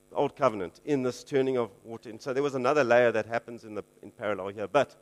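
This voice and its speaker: A man preaching a casual teaching sermon, conversational, with chuckling asides and frequent checks like "okay". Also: mid-range voice.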